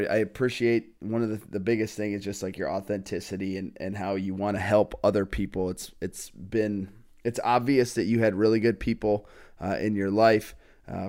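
A man's voice: fairly low pitch, a little mellow. A man hosting a podcast, friendly and affirming, chatting casually with his guest. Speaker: podcast host. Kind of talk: casual interview chat.

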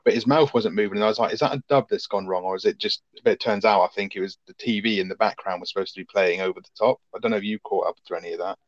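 A man's voice: fairly low pitch, no room sound, highs cut off. A man, co-hosting a casual film review chat and swearing freely as he talks. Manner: sweary, animated, quick-talking. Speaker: podcast co-host.

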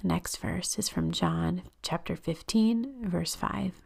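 A woman hosting a podcast, leading a guided Christian prayer meditation in a gentle, unhurried way that sometimes drops to a breathy whisper. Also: fairly low pitch.

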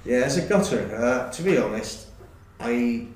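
A middle-aged man and former footballer, recalling his career in a halting, rambling way with many fillers. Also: medium pitch, animated, a little mellow. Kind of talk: casual interview chat. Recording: roomy, distant recording.

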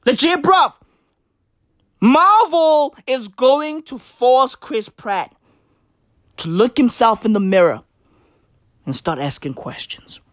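A woman's voice: high voice, expressive, slow pace, long pauses, no room sound, studio quality. A woman delivering a crude, rambling, profane comedic rant in slangy bro talk.

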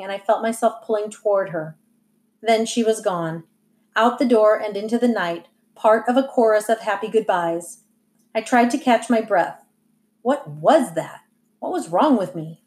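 A woman reads a first-person novel aloud in an even, unhurried storytelling voice. Her pitch sits in the middle of the usual range for a woman. Nothing is pushed; the telling stays plain and steady. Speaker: audiobook reader.

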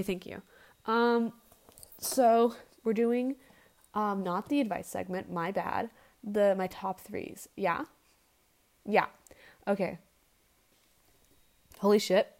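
A young woman hosting her own casual podcast, talking in a rambling, blunt and profane way without a proper microphone. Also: medium pitch. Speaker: podcast host. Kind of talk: casual solo podcast chat.

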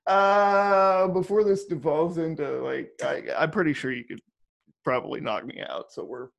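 Man, interviewer, casual chat, dry teasing humor, halting speech. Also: fairly high pitch, creaky, muffled recording. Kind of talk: casual conversation.

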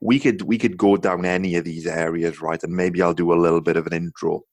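A man's voice: sits low, steady tone, fairly quick, a little mellow, no echo. A man hosting a podcast interview, talking in a friendly, rambling way with lots of fillers and checks like "right?". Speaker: podcast host. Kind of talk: casual interview. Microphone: video call.

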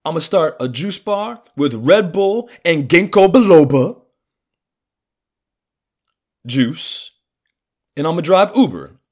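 A man putting on a loud, bossy ex-con father. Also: on the high side, expressive, slow pace, pauses often, pitched above the performer's own voice. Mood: boastful. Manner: shouting, hectoring.

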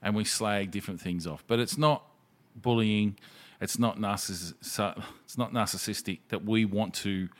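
A man with a fairly low voice talks casually and swears freely. He tells stories with energy and acts out other people's lines as he goes. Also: normal speed, hardly any pauses. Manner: sweary, animated storyteller who acts out quotes. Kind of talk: casual chat.

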